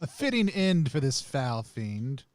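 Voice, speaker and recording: Pompous noble lady, put on by a male player, lofty and animated, trips on long words. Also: medium pitch, measured pace, no echo, clean studio sound. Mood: haughty. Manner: grandiose, stumbles over long words. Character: pompous noble woman, a duchess.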